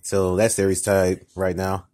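A tired, upset man talking casually to camera in a vlog, halting and repetitive, often restarting his sentences. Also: low-pitched, monotone, darkish tone. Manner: upset, ranting tone. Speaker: vlogger. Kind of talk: casual mukbang vlog talk.

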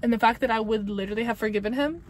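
A woman's voice: on the high side, very fast, a little hiss or hum. A young adult woman giving breakup advice in a casual monologue, blunt, emphatic and profane, repeating herself for emphasis.

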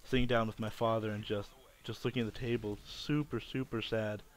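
A man's voice: fairly low pitch, little pitch movement, quick pace, a little hiss or hum. Young man telling a rambling personal story. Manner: rambling, repeats and restarts phrases; candid and self-mocking. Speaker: vlogger.

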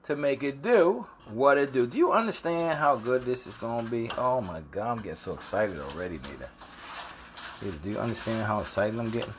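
A man hosting a casual home cooking show, excitable and joking, his voice jumping high when he gets worked up. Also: brisk, a little hiss or hum.

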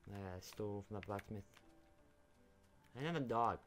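A man's voice: on the low side, normal speed, long pauses, over music. A young man giving casual, rambling commentary while playing a video game, swearing freely and talking to the characters on screen. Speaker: gaming YouTuber.

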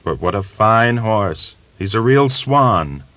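A man's voice: fairly low pitch, lively intonation, takes it slowly, no room sound, highs cut off. A man voicing an artless young Cossack recruit who talks eagerly and pleadingly. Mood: admiring. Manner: eager, wheedling.

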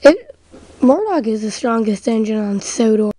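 A woman's voice: fairly high pitch, big pitch swings, moderate pace, mellow, dry recording. Duck, a woman voicing a sensible engine. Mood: firm. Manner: matter-of-fact, takes charge. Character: sensible, challenging male steam engine.

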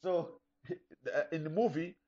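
A man's voice: a little high, slow pace, mellow. A middle-aged man preaching a sermon as pastor, emphatic, acting out imagined listeners. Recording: dull lo-fi recording.

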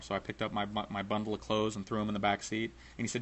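A man's voice: lowish voice, little pitch movement, racing, hardly any pauses, fairly bright tone. A man telling a personal story in a casual, profane way, laughing now and then.

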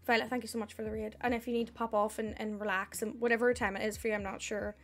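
Young Northern Irish woman, high voice, friendly live-stream chatter; faint music under her. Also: level tone, fast. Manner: chatty, thanks viewers by name, says "heck". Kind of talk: casual live-stream chat.

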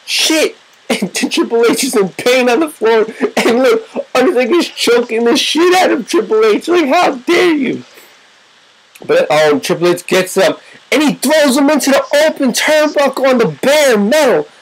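A woman giving excitable, profane, joking play-by-play commentary over a wrestling video game. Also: on the high side, normal speed, low-quality recording.

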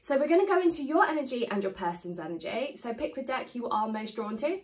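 A woman tarot reader chatting casually to her viewers, a little hoarse as she starts losing her voice. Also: fairly high pitch, quick pace, distant mic, rough recording. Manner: chatty, animated, warmly addresses viewers. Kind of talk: casual tarot reading to camera.

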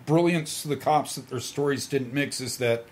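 A man's voice: medium pitch, moderate pace, a little mellow. A middle-aged man telling crude, swaggering stories in casual podcast talk, acting out the quotes and laughing along. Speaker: podcast guest storyteller.

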